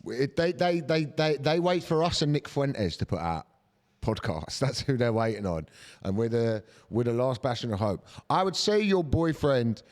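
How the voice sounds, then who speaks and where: This man, a comedy podcast co-host, speaks in a mid-range voice at a moderate pace. His casual chat is rambling and crude, and he slips into silly voices when quoting. The recording carries a long hall reverb.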